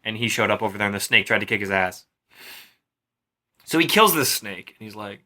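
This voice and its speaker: A man's voice: fairly low pitch, animated, a little fast, long pauses, pushed and bright. A tipsy young man casually retelling a Greek myth in a rambling, profane way. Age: young adult. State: drunk. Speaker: storyteller.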